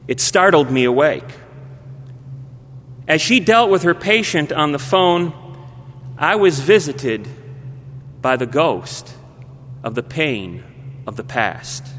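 Male pastor, sermon storytelling, high voice, unhurried, hushed phrase endings, big hall reverb. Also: a little hiss or hum. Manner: measured, dropping to a hushed voice at phrase ends. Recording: long reverb of a large hall.

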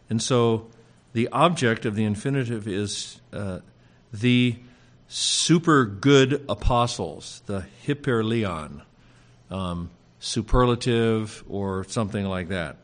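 A man with a fairly low voice leads an informal Greek lesson for seminary students. He talks in loose, halting phrases with many fillers. Now and then he drops in a deadpan joke. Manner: dry joking, pauses with many fillers.

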